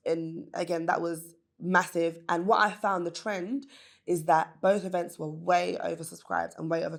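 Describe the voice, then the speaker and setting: A woman speaks as a guest on a podcast and tells her story candidly and earnestly. Her voice sits fairly low, and she uses fillers and restarts. She talks in a casual way. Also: creaky. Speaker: guest, business founder. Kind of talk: casual interview chat.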